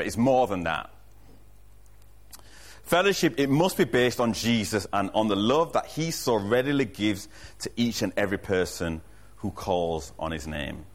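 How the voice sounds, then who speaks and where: Male pastor, sermon delivery; fairly low voice, earnest and emphatic, hammers key lines by repeating them, restarts phrases as he thinks aloud. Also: expressive, a little slow. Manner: frequent restarts and self-corrections. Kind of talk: sermon to a congregation.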